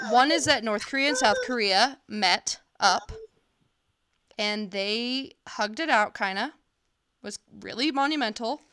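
A woman co-hosts a casual podcast with a bright, crisp, clear voice. She chats in a teasing, slangy way. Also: fairly high pitch, no room sound, clean studio sound. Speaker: podcast co-host. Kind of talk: casual chat.

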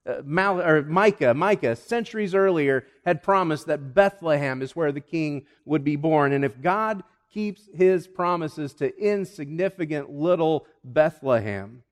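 A man preaching a sermon as a pastor, with animated delivery that swings from loud calls to hushed lines. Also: on the high side. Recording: long hall reverb.

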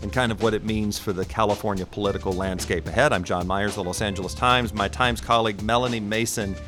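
Male podcast host, lowish voice, wry and easygoing, faint music under. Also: fairly even intonation, quick pace. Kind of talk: casual political talk.

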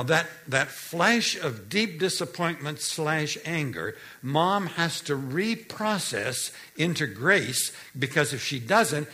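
A man preaching with a lively, swooping delivery and a bright, forceful tone. He tells his illustration at an unhurried pace, letting each beat land, and sinks low and soft for the gentle parts. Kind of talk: sermon storytelling.

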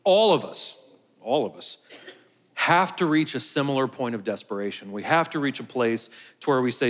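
Speaking with an animated, fairly quick delivery, a man with a mid-range, fairly bright voice preaches to his own church. He keeps it casual with the congregation and jokes along the way, and the large church hall lends a long reverb.

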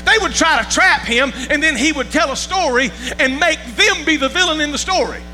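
Preaching a folksy sermon, this high-pitched pastor talks fairly quickly, often stumbling over repeated words and asking whether the congregation is with him. His sharp, very bright voice rings out with long reverb above faint music and a mains hum.

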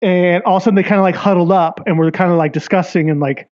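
A man's voice: sits high, fairly even intonation, fast, darkish tone, highs cut off. A man telling a story in casual chat, rambling with lots of fillers and acting out what others said.

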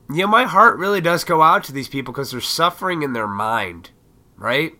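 A man with a cold, his voice raspy, hosting a solo podcast and ranting in a heated, profane way. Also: fairly high pitch, lively intonation, unhurried, long pauses, bright, forceful tone. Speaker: podcast host.

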